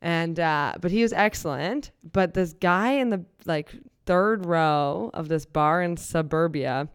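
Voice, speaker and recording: A woman comedian tells a story in a lively, animated way and acts out the people in it. Her voice is smooth and very clear. The sound is dry and close. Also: on the low side, no echo. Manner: animated, quick storyteller who acts out the people she quotes. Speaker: comedian guest. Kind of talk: casual storytelling.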